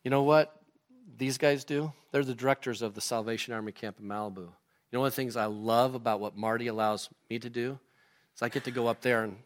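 A man preaching a sermon to his congregation in a lively, animated way, acting out the people in the scripture. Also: medium pitch. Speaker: pastor. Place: church sanctuary.

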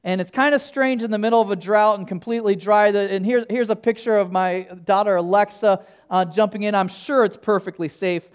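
A man's voice: high-pitched, steady tone, fairly quick, hardly any pauses, clear, resonant tone. A male pastor preaching a sermon, telling a personal story in a casual, humorous, conversational way.

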